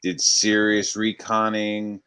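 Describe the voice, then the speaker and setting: A man's voice: fairly low pitch, completely flat delivery, takes it slowly, sharp tone, smooth. A man appearing as a guest, telling stories in a rambling, profane, laid-back way. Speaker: guest comic artist. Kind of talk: casual chat.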